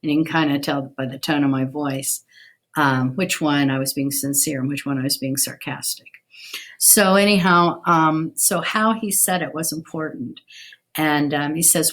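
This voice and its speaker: A woman's voice: deep voice, moderate pace, a bit bright. A middle-aged woman giving a casual video history lesson, chatty, with many ums and restarts. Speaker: teacher.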